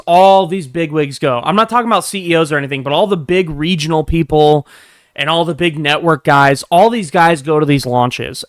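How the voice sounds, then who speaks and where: Young guy vlogging a rant, swears a lot, smooth clear voice, a bit high. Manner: profane, animated storytelling, swinging from mutters to loud bursts. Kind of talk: casual storytime rant.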